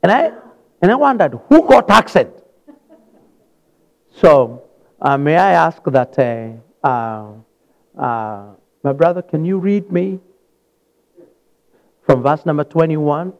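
A man from Africa preaching a sermon in a church, retelling scripture with sudden loud rises and soft drops. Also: fairly high pitch, big pitch swings, takes it slowly, creaky, pauses often, lo-fi sound. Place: church hall.

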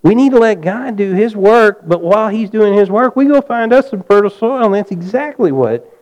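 A man preaching a sermon, swinging between near-shouts and a low hush and calling out to the congregation for amens. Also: animated, a little fast, highs cut off. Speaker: pastor.

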